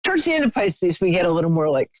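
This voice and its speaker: A woman's voice: fairly low pitch, very animated, very fast, no echo, muffled recording. A woman hosting a live stream, chatting sympathetically with a caller as she gives a psychic reading, with many fillers and restarts.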